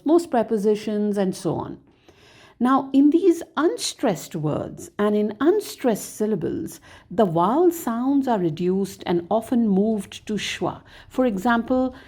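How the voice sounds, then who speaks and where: Slow, lively-voiced woman teacher. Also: mid-range voice. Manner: patient, emphatic, models stressed words aloud. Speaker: English teacher trainer. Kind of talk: explaining a classroom lesson.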